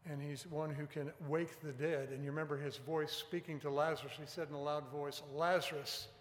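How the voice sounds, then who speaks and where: A man's voice: a little high, little pitch movement, brisk. A man preaching a sermon in an earnest, emphatic way, pressing on key words. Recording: echoey hall with long reverb.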